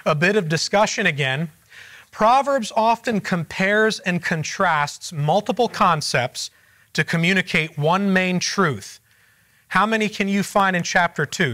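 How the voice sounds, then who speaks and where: A man's voice: sits high, bright, forceful tone, no room sound. A man teaching a group Bible study, explaining verses and asking the room questions in a conversational way.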